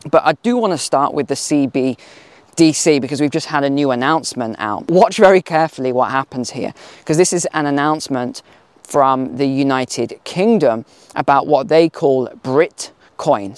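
A man's voice: medium pitch, normal speed, smooth, dry recording. A man hosting a casual finance talk outdoors on a hill, chatty with emphatic asides. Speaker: finance channel host.

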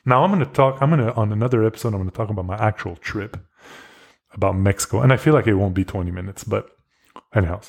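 A young podcast host with a fairly low voice rambles through a story on his own. He swears freely and stumbles over restarts and fillers as he talks. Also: fast, vocal fry. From Canada. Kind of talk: casual solo storytelling.

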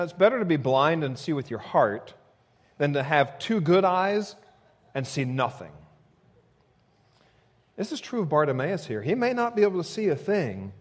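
Lively, expressive preaching man. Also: on the high side. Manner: expressive preaching, voice rising sharply for quoted shouts. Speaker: pastor. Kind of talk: sermon.

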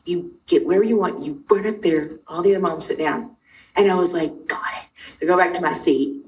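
A middle-aged woman, a guest, telling her own story quickly and emphatically, acting out the dialogue she quotes. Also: on the low side, a little mellow. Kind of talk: animated personal storytelling. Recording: distant mic with faint noise.

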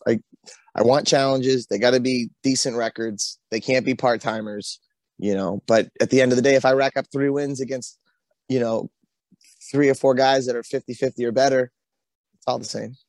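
A pro fighter with a Boston accent appears as a guest in a casual interview, speaking in a steady, mid-range voice at normal speed with no echo. He rambles, restarts often, and fills his talk with "you know."

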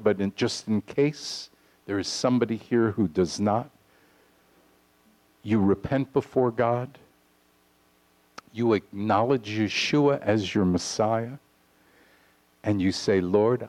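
A man preaching a sermon to his congregation, earnest and deliberate, reading scripture aloud. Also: fairly low pitch, a little mellow. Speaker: pastor. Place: congregation hall.

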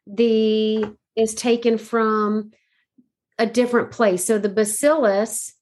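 A woman co-hosting a podcast in casual chat, relaxed and agreeable, with many affirming fillers. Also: fairly high pitch, takes it slowly. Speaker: podcast co-host.

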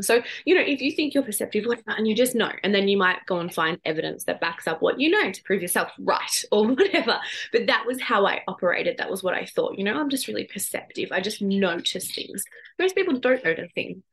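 A woman's voice: medium pitch, a bit bright, husky. A woman, hosting a podcast in a chatty, digressive way and swearing casually. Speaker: podcast host and psychic medium. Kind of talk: casual solo podcast talk.

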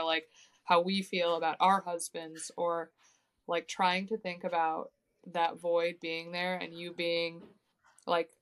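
Low, flat-voiced reflective woman. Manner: thoughtful, measured, uses "like" and "you know". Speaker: podcast co-host. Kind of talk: reflective conversation.

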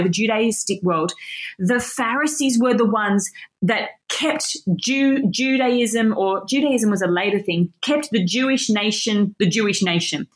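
A woman gives informal Bible teaching in a mid-pitched voice. She reads a passage aloud, then talks it through with eager enthusiasm and frequent self-corrections.

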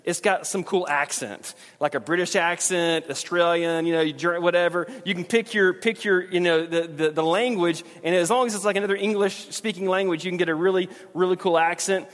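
Pastor preaching in a reverberant hall. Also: male voice, high voice, fairly even intonation, fairly bright tone. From southern Alabama. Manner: self-deprecating, halting with repeated restarts. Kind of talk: sermon. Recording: long reverb of a large hall.

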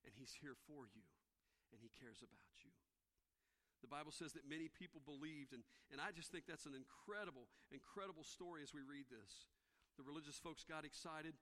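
A man preaching a sermon as pastor, folksy and conversational, swinging between loud preaching and hushed, soft passages. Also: fairly high pitch. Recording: long hall reverb.

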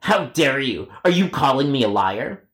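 A man's voice: medium pitch, very animated, a bit bright. A man voicing a rude, whiny grown man customer who trades insults and drags out his complaints in a storytime cartoon. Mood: insulting. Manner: insulting, stubborn, drawn-out complaints.

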